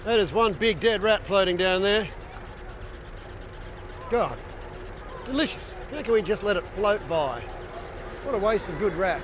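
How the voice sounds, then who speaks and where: Outdoors at a shipyard, an older boat builder gives a casual vlog tour of his boatyard, joking crudely and swearing freely. His voice is high-pitched and fairly bright, with slight background noise.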